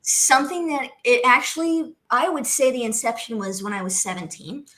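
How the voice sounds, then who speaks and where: A woman chatting as a guest on a podcast, animated and quick to laugh, into a studio condenser mic. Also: fairly high pitch. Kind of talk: casual podcast chat.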